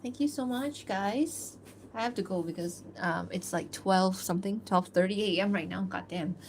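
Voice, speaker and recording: A woman's voice: mid-range voice, normal speed, a little mellow, slight background noise. A woman artist chatting casually on a livestream as she works, with a loose, rambling manner and small laughs. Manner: reads fan-fiction narration aloud. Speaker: artist streaming her work.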